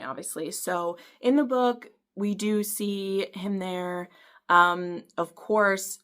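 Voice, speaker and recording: A woman reviewing a romance book adaptation in a casual video, gushing and excitable, rambling with fillers and restarts, swearing for emphasis. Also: on the low side.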